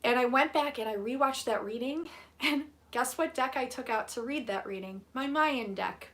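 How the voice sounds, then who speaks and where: A woman's voice: sits high, normal speed, fairly bright tone. A woman in her thirties, a psychic reader chatting on a live stream in a gushing, giggly way, with lots of "like" as filler. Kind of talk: live-stream casual chat.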